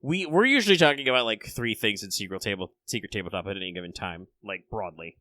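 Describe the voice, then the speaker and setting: Bright-voiced man, halting casual talk. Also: fairly low pitch, expressive, no echo. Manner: halting and searching for words, many repeated starts. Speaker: podcast co-host and game master. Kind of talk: casual chat.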